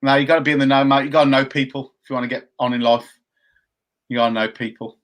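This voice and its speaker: A man's voice: mid-range voice, fairly even intonation, fast talker. A man in his fifties co-hosting a casual live chat show, chatty and jokey as he reads out viewer comments. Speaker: co-host.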